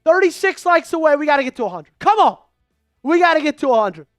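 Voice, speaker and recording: A man calling a game live for an online fan stream, hyped and pleading with his viewers, rising to shouts at big plays. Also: very high voice, sing-song, fast, no echo, faint music behind. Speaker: fan livestream play-by-play host. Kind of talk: excitable live play-by-play commentary.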